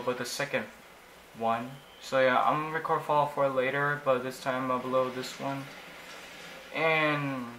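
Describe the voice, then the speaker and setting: A young man giving casual, excitable commentary while he plays a video game, often exclaiming in frustration. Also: medium pitch, background noise. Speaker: gaming YouTuber.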